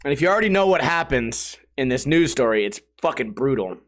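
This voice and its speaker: A man hosting a solo podcast, telling rambling stories in a casual, animated way, laughing and swearing along. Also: mid-range voice, fairly quick. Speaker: podcast host.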